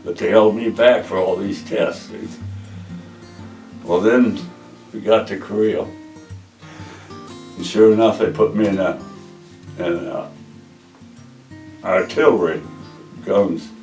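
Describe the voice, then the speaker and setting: Older man, plainspoken storyteller, lower voice, mic at a distance. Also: fairly even intonation, slow, pauses often, a little mellow, roomy sound, faint music behind. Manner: plainspoken, repeats "he says" while retelling dialogue. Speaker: veteran interviewee. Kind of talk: oral history storytelling.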